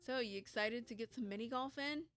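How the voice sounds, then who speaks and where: A woman's voice: fairly high pitch, brisk, fairly bright tone, faint music behind. A woman doing a chummy bro dad. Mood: teasing. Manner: breezy, chummy, upbeat. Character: friendly laid-back bro dad, adult man.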